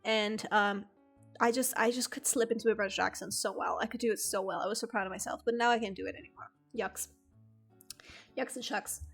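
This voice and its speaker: A woman's voice: medium pitch, fairly even intonation, fast talker, a bit bright, faint music behind. A woman whose first language is German, chatting casually with her stream viewers in a rambling, giggly, self-deprecating way.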